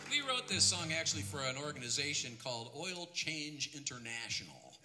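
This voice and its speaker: A man with a high speaking voice, introducing a song in loose, rambling stage patter. He is on a concert stage for a live radio broadcast, with guitar music playing behind him. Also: normal speed. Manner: relaxed, rambling, with restarts. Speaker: folk singer introducing a song. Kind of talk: stage patter between songs.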